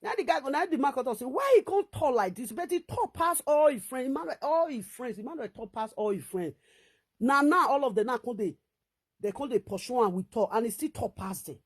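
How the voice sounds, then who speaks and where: A woman vlogger with a Nigerian Pidgin accent, telling a story in casual talk, animated and rising to near-shouts when she quotes others. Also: sits high, fairly quick, slightly rough. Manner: many fillers and restarts, recounting a dispute.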